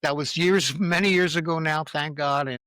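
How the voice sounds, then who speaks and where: A middle-aged man with a slightly high, bright and forceful voice talks earnestly as a guest parenting coach. He reflects candidly on his own experience. The sound is close and dry. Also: moderate pace, no room sound. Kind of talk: candid interview answer.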